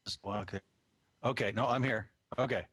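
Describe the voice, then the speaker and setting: A man joking around as a panelist in a casual chat, playful and excitable. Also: medium pitch, normal speed, husky, dry recording.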